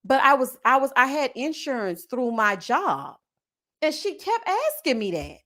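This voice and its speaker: A woman's voice: sits high, big pitch swings, measured pace, fairly bright tone. A young woman from Houston, telling a personal story in a sassy, dramatic way. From Houston, Texas. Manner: sassy, dramatic, acts out quoted voices. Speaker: commentary channel host. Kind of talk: storytelling chat.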